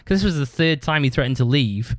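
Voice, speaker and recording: With a medium pitch and lively intonation, this fast-talking podcast host delivers a rambling, heavily profane story in a blunt, casual monologue full of restarts. The audio is dry with clean studio sound.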